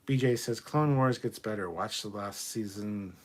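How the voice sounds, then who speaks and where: A man's voice: fairly low pitch, normal speed, a little hiss or hum. A man hosting a live stream, reading viewer comments aloud in a chatty, joking way. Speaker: livestream host reading chat. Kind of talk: casual live chat.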